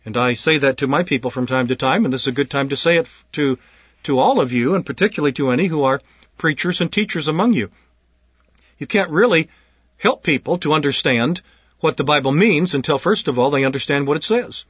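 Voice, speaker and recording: A pastor speaking to would-be preachers in an earnest, deliberate way, often repeating words as he gathers his thoughts. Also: on the high side, husky, dry recording. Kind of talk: instructional talk on preaching. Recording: dull lo-fi dry recording.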